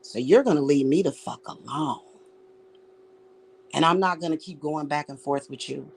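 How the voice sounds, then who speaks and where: Speaking at a normal speed in a low, gravelly voice with a darkish tone, this woman vlogger swears angrily straight at someone and keeps repeating herself. A little background noise can be heard.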